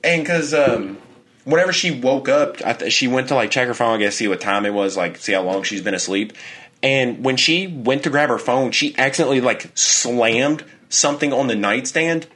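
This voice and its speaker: A man's voice: mid-range voice, moderate pace, husky. Young man telling a story, swearing. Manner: animated storytelling, heavy swearing; acts out quotes in a raised voice. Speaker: podcast co-host. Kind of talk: casual chat.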